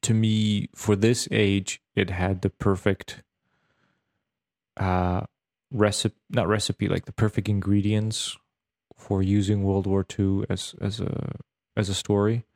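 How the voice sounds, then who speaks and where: Guy on a podcast gabbing about a movie, lowish voice, lots of restarts and laughs. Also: slow. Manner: animated, laughs often, many restarts. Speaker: podcast co-host. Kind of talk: casual movie discussion.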